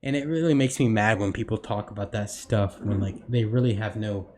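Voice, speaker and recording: A man's voice: lowish voice, brisk, a little mellow. A young man co-hosting a podcast in casual chat, rambling with many fillers and restarts. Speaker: podcast co-host.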